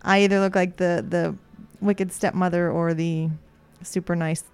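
A woman's voice: fairly low pitch, level tone, a little slow, darkish tone, clear, resonant tone, faint music behind. A woman in her thirties co-hosting a podcast, chatting casually and laughing often as she tells stories. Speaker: podcast co-host. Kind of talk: casual chat.

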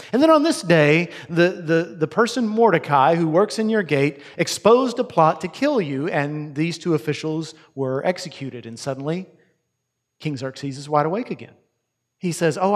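A man preaches to his congregation, retelling the story with energy and slipping into the voices of its characters. His voice sits a little on the high side for a man. The sound carries the long reverb of a large sanctuary. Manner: animated storyteller who acts out the characters' lines. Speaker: pastor. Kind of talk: sermon.

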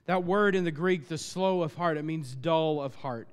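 A male pastor preaching a sermon, impassioned and emphatic, his voice building to loud peaks. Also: a little high, normal speed, smooth. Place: church sanctuary. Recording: long church reverb.

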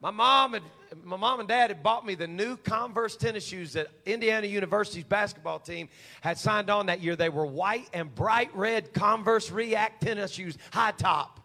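Forties male preacher, high bright voice, folksy and funny in a sermon story. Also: moderate pace, gravelly. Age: 40s. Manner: animated, humorous, folksy.

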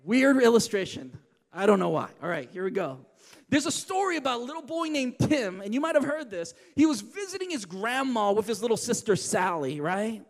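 A man preaching a sermon as pastor, swinging from loud emphatic lines to hushed, quiet ones. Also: very high voice, sing-song, brisk. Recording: long hall reverb.

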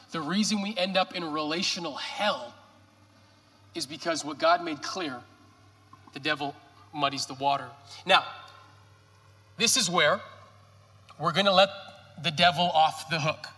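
Male pastor, animated joking sermon delivery, bright tenor voice, church hall echo. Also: fairly high pitch, measured pace, long pauses. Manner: animated, joking preacher with rhetorical questions. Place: church sanctuary.

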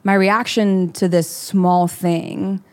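A woman's voice: medium pitch, fairly even intonation, takes it slowly. A young adult woman co-hosting a candid faith podcast, talking in a heartfelt, rambling way with many fillers. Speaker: podcast co-host.

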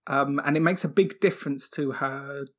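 A man's voice: mid-range voice, fairly even intonation, normal speed. A man guesting on a book podcast, talking thoughtfully with plenty of hesitations. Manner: thoughtful, hesitant, many fillers. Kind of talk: casual book discussion.

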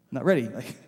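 The voice is male and medium-pitched, a little mellow and slightly rough: a pastor telling stories in a relaxed, conversational sermon, frequently saying "like." He stands before his congregation in the sanctuary, with long reverb from the church hall.

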